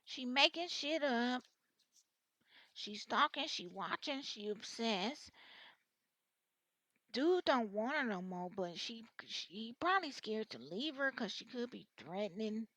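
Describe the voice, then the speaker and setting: Pitched fairly high and sounding fairly bright and animated, a woman delivers a slow, casual tarot reading. Her rambling talk is crude, slangy, blunt and packed with cussing, with many restarts. The recording has no room sound.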